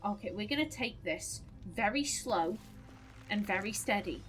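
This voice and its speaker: A woman hosting a let's play, giving profane, jittery horror game commentary that swings between loud outbursts and hushed mutters. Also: medium pitch, lively intonation, unhurried, slight background noise, poor audio.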